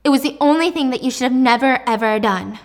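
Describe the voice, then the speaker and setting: A woman's voice: high voice, fast, long reverb tail, voice pushed up. A young woman betrayed by her own mother, speaking in a raised, anguished and accusing voice, as a woman acts out the scene. The delivery is emotional and reproachful.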